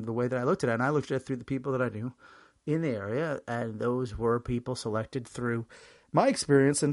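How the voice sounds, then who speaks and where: A man's voice: medium pitch, no echo. A man giving a rambling, self-mocking comedic answer in an interview, full of fillers and restarts. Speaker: interview guest.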